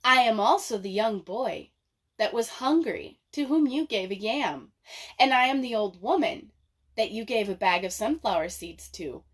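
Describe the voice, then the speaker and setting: A woman voicing a calm, solemn young king in a storytelling. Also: a little high, moderate pace.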